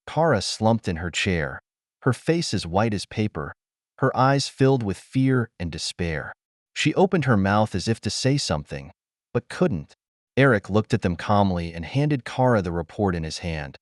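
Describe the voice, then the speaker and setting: A male narrator reading a dramatic audio story. His voice is low with lively pitch movement, and the recording is dry and close. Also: moderate pace, no echo.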